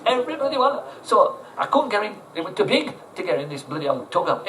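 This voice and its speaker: Older man, lively swooping pitch, salty rambling raconteur, recorded far off in a roomy space with faint noise. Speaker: interview guest, motorcycle traveller. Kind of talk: casual storytelling. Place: outdoor event.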